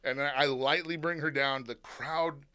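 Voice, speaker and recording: A man's voice: medium pitch, fairly even intonation, normal speed, sharp tone, smooth. A young man, a stand-up comedian, telling stories in casual podcast chat. He acts out what people said and swears freely.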